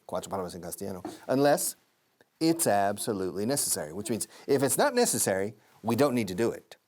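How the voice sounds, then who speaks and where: Man, TV language teacher, playful, encouraging, repeats phrases as drills, lively pitch. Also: fast talker. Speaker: TV English teacher. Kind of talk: energetic televised language lesson.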